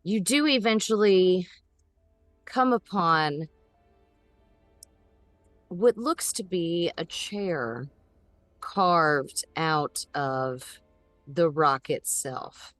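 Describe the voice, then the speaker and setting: A woman running a tabletop game speaks in a low, unhurried voice. She narrates in a relaxed way with occasional ums, close and dry on the mic, with faint music behind her. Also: no echo. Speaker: game master.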